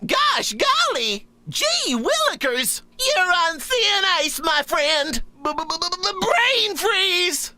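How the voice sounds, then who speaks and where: A woman's voice: high voice, sharp tone, no echo, heavily acted. A woman voicing a cheery, pun-loving ice cream man in playful game voice lines. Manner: bouncy, playful catchphrase delivery.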